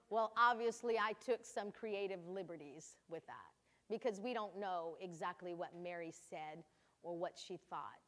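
A woman's voice: lowish voice, a little slow, a bit bright. An older woman, a grandmother, giving a reflective devotional talk to mothers and laughing easily as she speaks.

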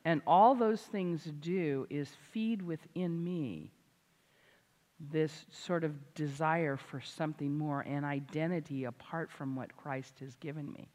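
An older woman, a grandmother and author, preaching a sermon with animated, emphatic delivery. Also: low voice, slow. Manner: animated, rising to loud emphatic exclamations. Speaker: Christian speaker and author. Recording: hall reverb.

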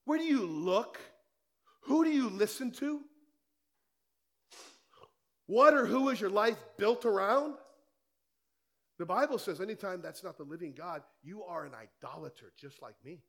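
In church, a male pastor with a high voice preaches a conversational sermon, firing rhetorical questions at the congregation.

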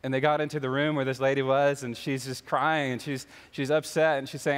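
A man's voice: medium pitch, level tone, brisk, few pauses, smooth. Man preaching in a reverberant church. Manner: storytelling, acts out the voices in his anecdotes. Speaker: pastor. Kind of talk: sermon. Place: church sanctuary.

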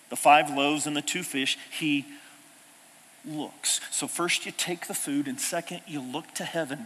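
Animated high-voiced preacher in a reverberant hall. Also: male voice, a little hiss or hum. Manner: animated, swings from loud exclamations to hushed asides. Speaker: pastor. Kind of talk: sermon. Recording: long reverb of a large hall.

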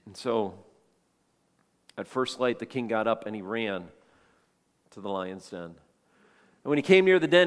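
A man's voice: on the low side, animated, a little slow, pauses often, clean tone. Man preaching a sermon in a reverberant hall. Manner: storytelling, acting out quoted voices. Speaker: pastor.

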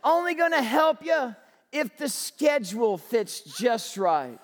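A man preaching a sermon as pastor, telling stories with animated energy and rising to shouts. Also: very high voice, takes it slowly, long reverb tail.

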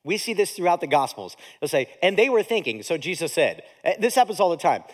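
A man preaching a sermon as pastor, in a lively, conversational way that mixes jokes and acted-out voices into his teaching. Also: sits high, brisk.

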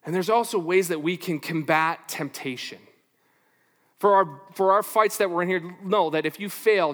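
A man preaching a sermon as pastor, animated, asking rhetorical questions and playing out little back-and-forth exchanges. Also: fairly high pitch, long reverb tail.

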